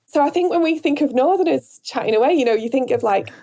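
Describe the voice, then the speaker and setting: A woman from Northern England with a softened Northern accent, talking reflectively in an interview, searching for words with many pauses and restarts. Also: high-pitched, animated. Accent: Northern English, softened. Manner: thoughtful, hesitant, many fillers and restarts. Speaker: radio presenter, guest.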